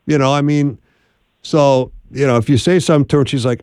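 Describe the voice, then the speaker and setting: A man's voice: medium pitch, a little fast, darkish tone, smooth, dry recording, studio quality. A man hosting a call-in advice radio show, upbeat and encouraging, speaking plainly to callers.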